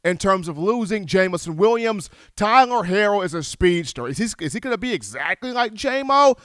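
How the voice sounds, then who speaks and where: A man hosting a sports call-in show, upbeat and animated as he greets callers. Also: high-pitched, moderate pace, no room sound, clean studio sound. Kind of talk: sports radio call-in talk.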